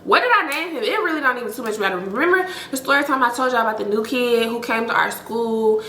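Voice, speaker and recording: A woman in her late twenties tells a story straight to her viewers, blunt and animated, with plenty of swearing. Her voice is bright and sits a little high. The room around her gives it a noticeable echo. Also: fast, slight background noise. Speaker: storytime vlogger. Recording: echoey room.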